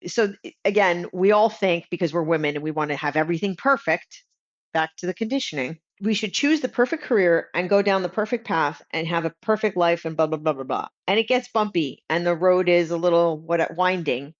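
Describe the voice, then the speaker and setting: A woman hosting a podcast interview, chatty and quick to laugh. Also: fairly low pitch, muffled recording. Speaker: podcast host.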